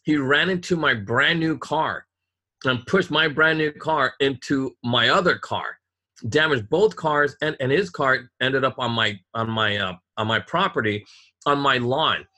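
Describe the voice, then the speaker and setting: A man's voice: medium pitch, measured pace, bright, forceful tone. A man in casual chat, telling a story in an angry, profane rant.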